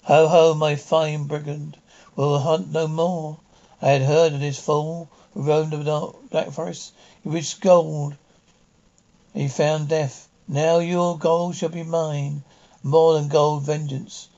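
A man's voice: little pitch movement, takes it slowly, warm tone, highs cut off. A man voicing an insane, murderous male innkeeper who roars and gloats. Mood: gloating. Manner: roaring, booming mad laughter.

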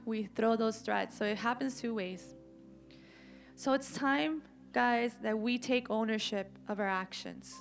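Lively woman preacher, fairly high voice, faint music underneath. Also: a little slow, vocal fry. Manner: animated, acts out quotes, rising to emphatic declarations. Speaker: youth preacher. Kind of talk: sermon.

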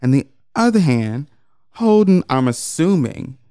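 Animated, profane man telling a story. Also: unhurried, smooth, no room sound, clean studio sound. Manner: animated, profane, swings into high mocking quotes. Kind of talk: casual storytelling chat.

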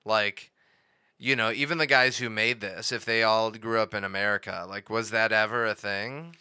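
A man's voice: fairly low pitch, fairly even intonation, normal speed, bright, forceful tone, clean tone, no room sound, clean studio sound. A man co-hosting a podcast, recapping a cartoon episode in loose, joking chat. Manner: loose, joking, acts out lines in funny voices. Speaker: podcast co-host.

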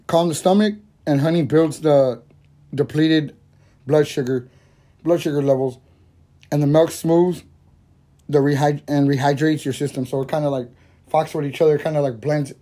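A man's voice: a little high, dark tone. A young man hosting a casual podcast, rambling loosely, swearing constantly and laughing often between thoughts. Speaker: podcast host. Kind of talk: casual stoner podcast chat.

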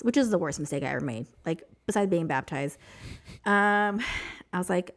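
A woman with a somewhat low voice talks through her own story as an interview guest. She is animated and conversational, leans on "like," and acts out the lines others said to her. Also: a little fast. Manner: animated, says "like" a lot, acts out what others said. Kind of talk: personal storytelling in casual conversation.

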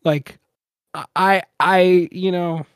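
Young guy, fairly high voice, dry booth sound; podcast co-host venting in loose, animated chat. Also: takes it slowly, clear, resonant tone, no room sound. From United States. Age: young adult. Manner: animated ranting, many restarts. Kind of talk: casual chat.

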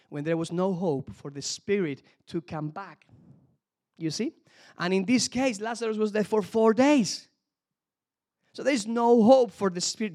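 High-voiced animated male preacher. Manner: animated storytelling, swinging from hushed asides to loud emphatic peaks; lively, talks to the congregation directly with frequent asides. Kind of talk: sermon.

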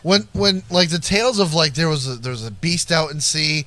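Guy with a high bright voice rambling crude stories on a podcast. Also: normal speed, dry recording. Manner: rambling storyteller, crude jokes. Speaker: podcast co-host. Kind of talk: casual crude chat.

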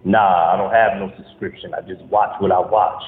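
A man's voice: sits low, fairly even intonation, normal speed, reverberant. Joking man on a tinny phone line. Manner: loose, joking, slangy boasting. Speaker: caller. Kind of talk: casual chat.

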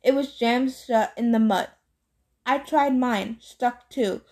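A woman reading a novel aloud in a plain, steady storytelling manner. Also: on the high side, takes it slowly. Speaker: audiobook reader.

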